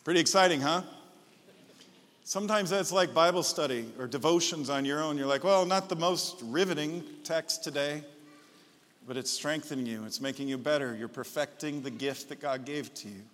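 A man preaching a sermon as pastor, enthusiastic and bursting into loud shouts. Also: on the high side, normal speed, long reverb tail.

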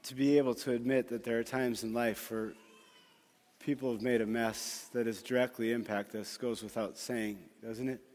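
A man's voice: medium pitch, flat delivery, normal speed, darkish tone. Earnest male pastor in a reverberant hall. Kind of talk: sermon.

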